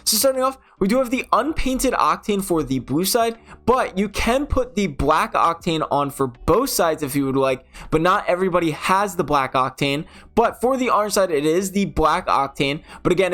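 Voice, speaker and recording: A man's voice: sits high, lively intonation, normal speed, hardly any pauses, fairly bright tone. A young man casually talking through game car designs as a video host, rambling a little with fillers and self-corrections. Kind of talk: casual game commentary voice-over.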